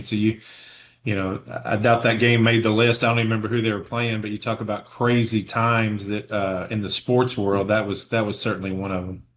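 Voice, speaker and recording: A man with a low voice recalls an old game in a matter-of-fact tone. His pitch barely moves. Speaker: sportswriter guest. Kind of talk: casual storytelling.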